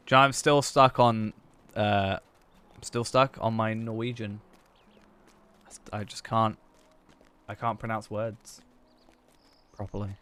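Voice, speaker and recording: A man's voice: fairly low pitch, steady tone, slow, long pauses, a bit bright, clear, resonant tone. A man streaming a game, chatting casually and thinking aloud in a rambling, self-mocking way. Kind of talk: casual gameplay chat.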